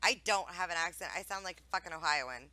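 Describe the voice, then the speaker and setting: A woman's voice: on the low side, fast, pushed and bright, no room sound, rough recording. A woman from Wisconsin hosting a live stream, reading chat aloud and cursing casually. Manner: profane, laughing, reads chat aloud.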